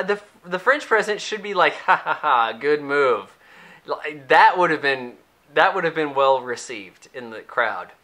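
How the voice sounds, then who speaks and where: A man's voice: fairly high pitch, sharp tone. A young man giving a casual, sarcastic, rambling movie review, acting out the characters' lines as he goes.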